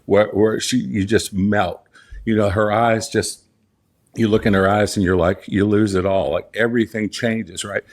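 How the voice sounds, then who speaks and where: Gravelly low-voiced Southern man. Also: steady tone, normal speed. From Southern United States. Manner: earnest and emphatic, repeats key phrases, frequent restarts. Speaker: guest, portrait photographer and studio owner. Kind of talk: conversational interview storytelling. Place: his own photography studio room.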